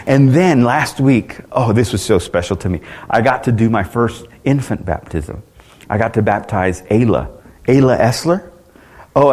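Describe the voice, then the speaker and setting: A man's voice: medium pitch, a little mellow. A man pastor teaching a church class in an earnest, conversational way, asking the group questions and often restarting his words.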